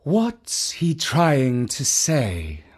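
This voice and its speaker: A woman voicing a cross, condescending lizard lady who speaks slowly and dismissively. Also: a bass voice, wildly swooping pitch, a little mellow, husky, heavily acted. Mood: haughty.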